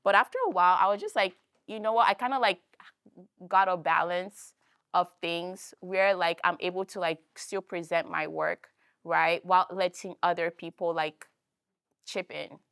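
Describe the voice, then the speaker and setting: A young woman with a Philadelphia accent telling a personal story in a talk, animated and full of fillers, acting out the voices she quotes. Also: lowish voice, moderate pace, vocal fry, clear, resonant tone, dry recording. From United States. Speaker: guest speaker.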